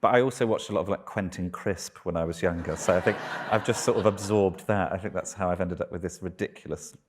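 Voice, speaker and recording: A man's voice: deep voice, quick pace, noisy background. A young man from Birmingham with no regional accent, interviewing a guest onstage with playful quips. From Birmingham, England. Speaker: comedian interviewer. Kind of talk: onstage conversation.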